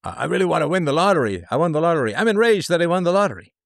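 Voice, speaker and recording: A man's voice: fairly high pitch, very animated, creaky, no room sound, clean studio sound, voice pushed up. A man mocking a whiny, enraged lottery winner. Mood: indignant. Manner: rising, rushed indignation.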